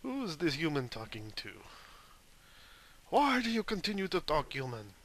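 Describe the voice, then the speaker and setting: A man's voice: fairly high pitch, sing-song, a little slow, a bit bright, voice pushed up, heavily acted. A man voicing a curious pet cat that wonders why the human keeps talking, in a puzzled, questioning tone.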